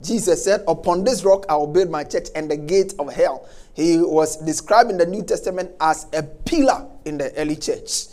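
High-voiced emphatic male preacher. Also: normal speed. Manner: emphatic, repeats key words, swings from quiet to loud. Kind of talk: sermon.

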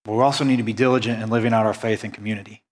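A man's voice: lowish voice, fairly even intonation, a little mellow. Earnest man preaching a sermon. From United States. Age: adult, went on a mission trip after high school. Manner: earnest, conversational preaching with emphatic slow stresses. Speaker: pastor.

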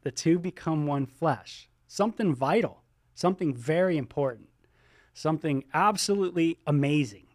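Middle-aged man, pastor, fairly high voice, preaches in an animated, chatty way, close dry sound. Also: moderate pace, no echo. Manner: animated, exclaims and voices imagined listener reactions; many ums and you-knows. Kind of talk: sermon teaching.

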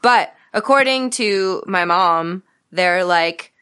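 A woman co-hosting a podcast in a loose, casual chat. Her voice is bright and crisp, sitting a little low. She hesitates often and fills gaps with ums. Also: measured pace. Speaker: podcast co-host.

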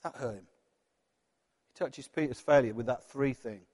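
A man preaching a sermon in a church, earnest and personal, dropping from loud passages to hushed ones. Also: mid-range voice, moderate pace, husky, big-room sound.

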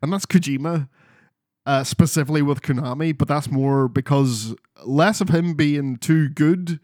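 A man's voice: fairly high pitch, moderate pace, a little mellow, no echo, studio quality. A man chatting casually about video games as a podcast co-host, rambling and swearing freely. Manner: sweary, rambling, restarts a lot.

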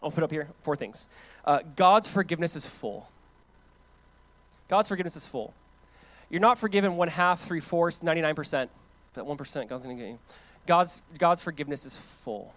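Animated pastor preaching. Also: male voice, a little high, normal speed, no echo. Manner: animated, conversational preaching with sudden drops to quiet emphasis. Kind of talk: sermon.

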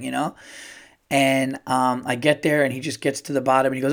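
A middle-aged man hosting a podcast, telling a long personal story in a rambling, excited way and swearing often. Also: medium pitch, brisk. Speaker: podcast host. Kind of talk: casual storytelling monologue.

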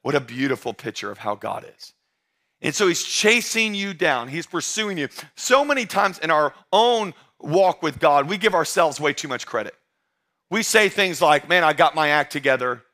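A male pastor preaching with a high, bright voice. He swings from playful jokes and shouted emphasis to hushed, tender lines, and he keeps his audience engaged throughout. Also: big pitch swings, normal speed. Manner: drops to soft, intimate tones for emphasis. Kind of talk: sermon.

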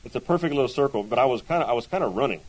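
A man's voice: mid-range voice, lively intonation, rapid-fire, low-quality recording. A man teaching a Bible class in a chatty way, often asking his listeners questions and checking in with "right?". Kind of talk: conversational Bible lesson to a class.

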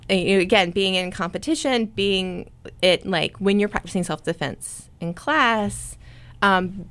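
A woman's voice: medium pitch, a bit bright, clean tone, no echo. Rambling woman full of "like" fillers. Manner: earnest and open. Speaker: podcast guest, jiu-jitsu competitor. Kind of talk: casual interview talk.

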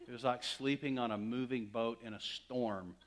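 A middle-aged man from West Texas preaching a sermon, swinging from loud emphatic lines to hushed near-whispers. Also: medium pitch, fairly even intonation, moderate pace. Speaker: pastor.

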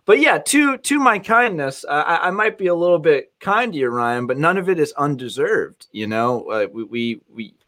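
A man's voice: mid-range voice, lively intonation, moderate pace, hardly any pauses, fairly bright tone. Jokey, rambling male podcast host. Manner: rambling, jokey, many restarts. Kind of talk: casual podcast chat.

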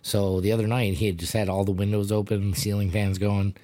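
Chill guy with a low mellow voice telling a story, laughs a lot. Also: level tone, a little fast. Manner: laid-back, laughs while telling stories. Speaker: podcast co-host. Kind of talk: casual chat.

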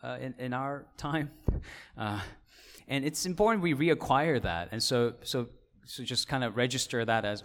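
A man's voice: medium pitch, normal speed. A man as pastor, giving a conversational seminar talk, often checking in with his audience and correcting himself. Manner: conversational, with frequent fillers and self-corrections. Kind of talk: casual teaching talk.

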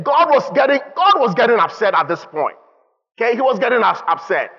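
High-pitched guy preaching, husky voice, muffled echoey hall sound. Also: moderate pace. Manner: animated, rising to shouts when voicing God. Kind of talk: sermon.

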